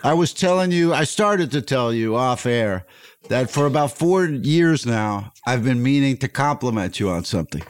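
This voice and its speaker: A man's voice: mid-range voice, expressive, normal speed, no echo. A man hosting a podcast, chatting in a loose, joking and self-deprecating way. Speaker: podcast host. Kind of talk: casual chat.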